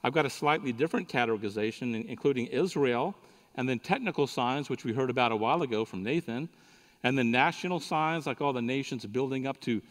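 Recorded in a reverberant hall, this conference speaker talks fast at a medium pitch as he tells a folksy, joking story during his sermon.

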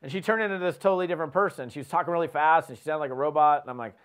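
A man hosts a coaching podcast, and his pitch is at an ordinary middle level for a man. He tells stories in an animated way and often stumbles and restarts as he talks. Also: fast talker, few pauses, smooth. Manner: animated storyteller with many restarts. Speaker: host. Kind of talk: energetic coaching talk.

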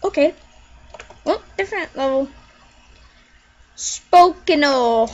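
A woman giving let's play commentary, excitable and jokey, squealing and shrieking at the game and chattering to herself. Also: high-pitched, slow pace, dull audio. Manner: jokey running self-talk. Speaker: gaming video creator.

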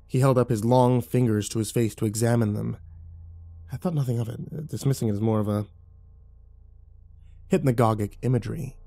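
A man's voice: mid-range voice, gravelly, warm tone, dry recording. A man reading horror stories aloud, building tension and turning urgent in the action scenes. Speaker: horror story narrator. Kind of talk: dramatic horror story narration.

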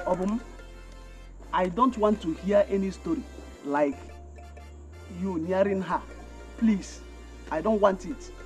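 Wary boyfriend, Nigerian accent, high but mellow voice. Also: male voice, slow pace, pauses often, soft background music. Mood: warning. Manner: guarded, warning. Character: wary young man protective of his girlfriend.

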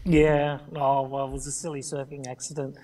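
Middle-aged Australian man, easygoing guest, mid-pitch, picked up from a distance. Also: moderate pace. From Sydney, Australia. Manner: relaxed, easygoing. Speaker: guest, former triathlon champion. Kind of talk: casual interview chat. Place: couch at home. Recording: distant from the mic.

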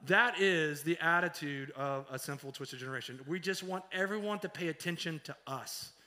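A man's voice: fairly high pitch, bright, forceful tone. A middle-aged man, a pastor, preaching a sermon in a conversational way, asking the congregation questions and often repeating words.

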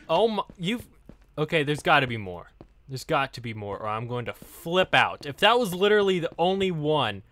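Excitable gaming man, lively bright voice. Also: on the high side, dry recording. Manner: excitable, exclaims and laughs often; talks directly to viewers. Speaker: gaming YouTuber. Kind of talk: Let's Play commentary.

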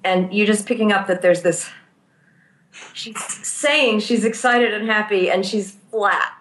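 A woman's voice: medium pitch, measured pace, a bit bright, roomy sound. A woman who works as a therapist and teaches pastoral care, explaining her ideas thoughtfully in a conversational interview and walking through examples.

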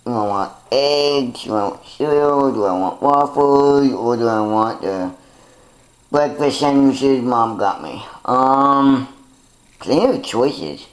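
A young man with a medium-pitched, expressive voice talks slowly and casually to his vlog audience, rambling and laughing at himself as he pokes fun at his own expense. The audio is poor, with an echoey room.

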